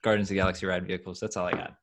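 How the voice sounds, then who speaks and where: A man's voice: deep voice, flat delivery, rapid-fire, crowd noise. Laid back guy rambling on a podcast, loses his words. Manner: rambling, casual, trails off. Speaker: podcast co-host. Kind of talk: casual podcast chat.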